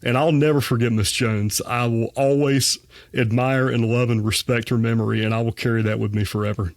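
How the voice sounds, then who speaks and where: A man's voice: mid-range voice, steady tone, fairly quick, no echo, clean studio sound. A man, a dentist telling a personal story as a guest on a podcast, folksy and earnest. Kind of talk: personal anecdote in a podcast interview.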